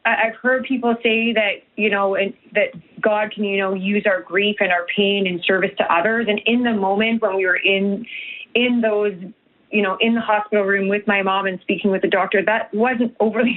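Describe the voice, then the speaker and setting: Woman guest, earnest halting talker, sounds like a phone line. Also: medium pitch. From Canada. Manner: earnest, halting, many fillers and restarts. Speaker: guest, nutritionist and health coach. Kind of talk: heartfelt interview answers. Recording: tinny phone-like remote line.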